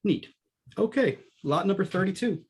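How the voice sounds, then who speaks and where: A man's voice: sits high, expressive, moderate pace, slightly rough. A man hosting a casual panel chat, joking and steering the talk. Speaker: host.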